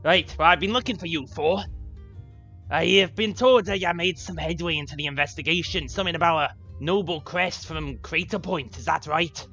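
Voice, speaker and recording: Man doing a captain, loud, gruff, bright tone, lo-fi audio, faint music. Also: normal speed. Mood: gruff, blustery. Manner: booming, blustery. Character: loud gruff male dwarf guard captain.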